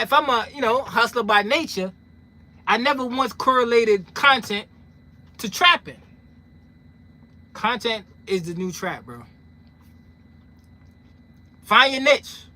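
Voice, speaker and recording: High, bright-voiced New man. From New York. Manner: emphatic, repeats lines for punch, street slang. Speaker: trucking content creator. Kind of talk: casual monologue to camera.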